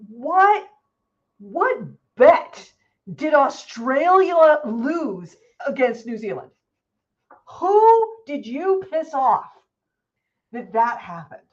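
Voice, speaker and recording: A woman co-hosting a casual chat show, telling stories in an animated, swearing, easygoing way. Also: high-pitched, extremely slow, long pauses, lo-fi sound. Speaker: podcast co-host.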